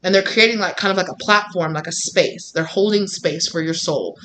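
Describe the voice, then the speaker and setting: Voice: mid-range voice, moderate pace, fairly bright tone, slight background noise. A tarot reader channeling a reading for viewers in a loose, rambling way, full of "like" and acted-out snippets of the people in the cards. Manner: rambling, lots of "like", acts out voices of the people in the reading.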